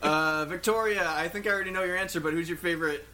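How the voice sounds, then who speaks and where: Man, cheerful host, bright sharp voice, faint background noise. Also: high voice, fast talker. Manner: cheerful, asks the others questions. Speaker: podcast host. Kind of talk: casual chat.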